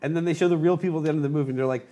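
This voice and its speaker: A man's voice: on the high side, steady tone, racing, mellow. A man in casual podcast chat, rambling about movies with lots of fillers and laughs.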